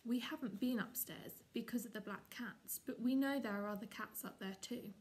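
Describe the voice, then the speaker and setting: A woman's voice: a little high, normal speed, natural voice. Woman reading as a proud, stern father cat.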